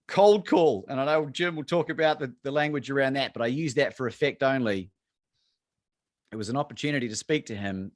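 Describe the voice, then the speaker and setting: Animated Australian man telling a story. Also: medium pitch, dry recording, studio quality. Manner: animated storyteller acting out both sides of phone calls. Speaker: guest speaker, courage coach. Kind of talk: storytelling talk on a video call.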